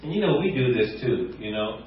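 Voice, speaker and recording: A man preaching a sermon, animated, acting out quotes and rising to near shouts. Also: medium pitch, moderate pace, slight background noise. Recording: echoey room, distant mic, muffled.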